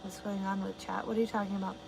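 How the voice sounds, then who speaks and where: A woman's voice: mid-range voice, flat delivery, racing, vocal fry, noisy background. A woman truck driver on a casual livestream, answering her chat bluntly and swearing freely. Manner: blunt, swears a lot, talks back to chat.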